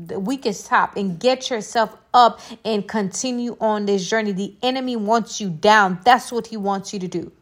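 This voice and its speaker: A young woman, hosting a faith podcast alone; she preaches emphatically, repeats her phrases, and prays softly. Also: mid-range voice, normal speed, few pauses. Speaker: podcast host. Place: alone indoors.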